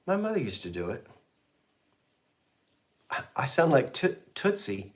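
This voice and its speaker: A man's voice: medium pitch, sing-song, measured pace, long pauses, a little hiss or hum. A man selling antiques in a live online auction, describing each item in a chatty, rambling way with homey jokes and asides. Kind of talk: casual live sale presentation.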